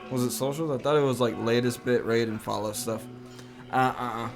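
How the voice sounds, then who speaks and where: A young man streams a game from home, chatting in a relaxed, rambling way. His voice sits in an ordinary middle pitch. Music plays clearly behind him. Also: fairly quick. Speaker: live streamer. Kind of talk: casual chat while gaming.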